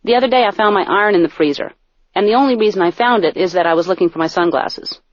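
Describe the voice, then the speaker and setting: A middle-aged woman reading her own comic audiobook in a deadpan, self-mocking way, close to the mic. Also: medium pitch, quick pace, dry recording. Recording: dull, dry studio recording.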